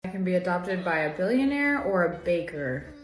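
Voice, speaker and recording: A woman's voice: on the low side, very animated, moderate pace, noisy background. A young woman acting out comedic POV skits with exaggerated, dramatic reactions. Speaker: skit creator.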